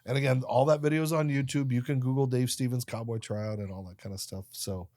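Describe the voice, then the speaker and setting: A man in his late fifties, a podcast guest who tells his life stories in an animated way and acts out the people in them. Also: mid-range voice, fast, no room sound, studio quality. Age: 50s. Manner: animated storyteller, voices other people in his anecdotes. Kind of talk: storytelling interview.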